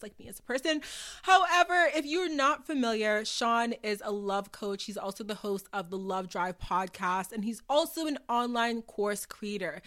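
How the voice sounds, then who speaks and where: A woman's voice: medium pitch, fairly bright tone. A young woman hosting a podcast, bubbly and gushing, chatty with casual slang. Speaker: podcast host.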